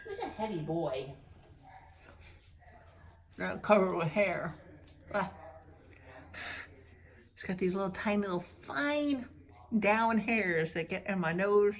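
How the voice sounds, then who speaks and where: A woman's voice: medium pitch, slow pace, pauses often. A middle-aged woman talking casually to her camera at home, rambling between small stories with frequent laughs. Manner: chatty and rambling, laughs often, coos at her pets. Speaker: vlogger. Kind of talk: casual video diary. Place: at home indoors.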